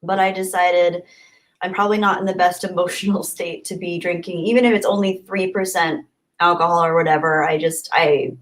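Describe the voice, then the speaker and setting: A woman's voice: fairly low pitch, steady tone, brisk. A woman streamer chatting casually with her viewers, reading their comments aloud, rambling and giggling often. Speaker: live streamer.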